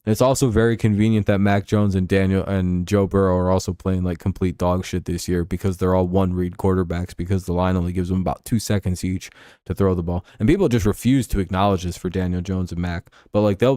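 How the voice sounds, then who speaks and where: Man, sports show host, casual livestream rant, profane, rambling, dark tone, dry close sound. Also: low voice, steady tone, a little fast, dry recording.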